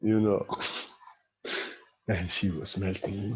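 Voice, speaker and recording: Man, spiritual teacher, playful and laughing, loud bursts and soft murmurs, muffled recording. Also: mid-range voice, fairly even intonation, unhurried. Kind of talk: informal spiritual talk. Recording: slightly dull lo-fi audio.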